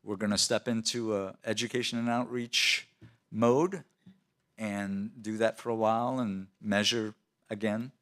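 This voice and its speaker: A man's voice: lowish voice, steady tone, unhurried, fairly bright tone. Man explaining at a council meeting. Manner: conversational, many fillers and restarts. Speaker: city department official. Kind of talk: answering questions at a council meeting.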